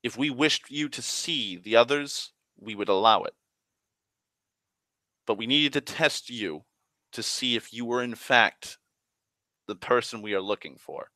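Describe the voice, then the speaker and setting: Man doing a calm, fatherly elf god. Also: mid-range voice, measured pace, pauses often, dry recording. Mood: explaining.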